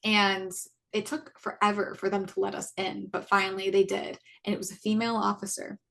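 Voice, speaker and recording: A woman in her twenties co-hosts a podcast and casually tells a personal story, acting out the things people said to her. Her mid-range voice is brisk and level in tone, gravelly, pushed and bright. She's chatty, full of "like"s and restarts.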